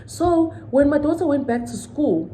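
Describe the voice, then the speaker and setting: An indignant woman in her thirties vents straight to the camera, hammering her points home and throwing questions at her viewers. Her voice is mellow and warm, sitting at a middling pitch for a woman. A faint hiss runs under the recording. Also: animated, normal speed, low-quality recording. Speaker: vlogger. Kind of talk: venting storytime to camera.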